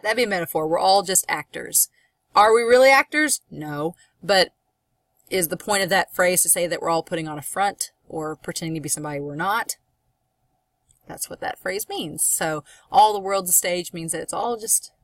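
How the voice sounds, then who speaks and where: A woman's voice: on the low side, fairly bright tone, no room sound. A woman, a college English instructor, giving a recorded course lecture in a chatty, explanatory way, with frequent fillers and asides.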